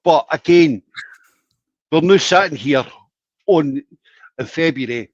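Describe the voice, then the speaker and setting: A man calling into a football phone-in, talking passionately in quick bursts. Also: on the high side, dry recording. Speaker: caller. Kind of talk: casual phone-in chat. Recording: dull dry phone line.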